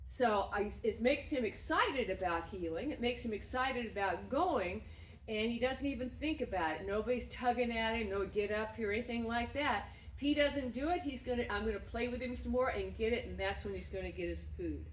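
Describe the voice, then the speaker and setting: A woman dog trainer explaining and demonstrating games with her dog, breaking into loud, effusive praise. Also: a little high, moderate pace, slight background noise. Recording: roomy sound from a distance.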